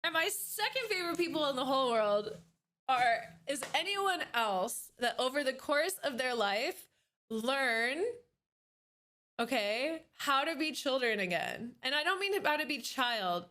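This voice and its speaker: A woman in her thirties chatting casually on a livestream into a desk microphone, enthusiastic and animated, swearing freely. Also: high-pitched, measured pace. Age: 30s.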